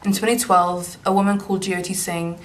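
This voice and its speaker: A woman's voice: on the low side, fairly even intonation, brisk, soft background music. A woman speaking earnestly and steadily in an opinion vlog. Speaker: vlogger giving an opinion.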